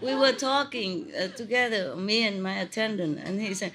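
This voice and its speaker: A woman's voice: fairly high pitch, moderate pace, few pauses, noisy background. A woman spiritual teacher giving an informal talk, telling stories in chatty, simple English and laughing often.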